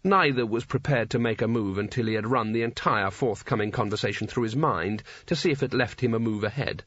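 A man narrating a fantasy audiobook in a wry, measured storytelling manner. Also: medium pitch, a bit bright, dry recording. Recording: dry, dull muffled recording.

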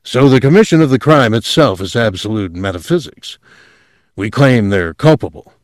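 A man's voice: mid-range voice, expressive, moderate pace, dry recording, studio quality, natural voice. A man voicing an ambitious young male official who speaks breezily and agreeably. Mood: assured. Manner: breezy, eager, smoothly agreeable.

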